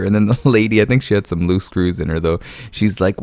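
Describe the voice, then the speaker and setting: His voice sits low with a darkish tone at normal speed, with no room sound. It's late at night, and he's hosting his gaming channel from home, keeping quiet so the house stays asleep. Easygoing and chuckling, he tells stories and comments casually on the game, saying "man" a lot.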